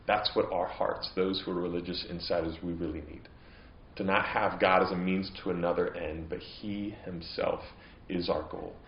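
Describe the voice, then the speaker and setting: A man's voice: deep voice, steady tone, moderate pace, roomy sound, lo-fi sound, a little hiss or hum. A man preaching a sermon as pastor, earnest and growing impassioned at times. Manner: earnest preaching, voice rising into emphatic, impassioned stretches. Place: church.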